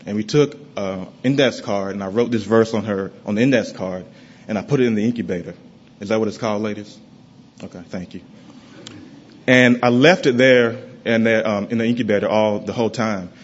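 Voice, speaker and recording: A man giving a personal testimony to a congregation in a church, halting and often dropping soft and low. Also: dull audio, a little hiss or hum.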